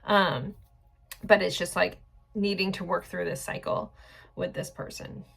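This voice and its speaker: Low, gravelly-voiced woman reading tarot. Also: a little slow, fairly bright tone. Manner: rambling and chatty, with filler words and light laughs. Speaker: tarot reader. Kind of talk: casual pick-a-card tarot reading.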